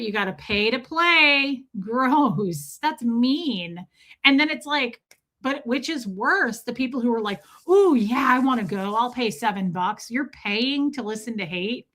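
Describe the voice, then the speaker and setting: Bright-voiced woman hosting a livestream. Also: a little high. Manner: chatty, candid, reads comments aloud. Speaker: livestream host reading chat. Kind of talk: casual livestream chat.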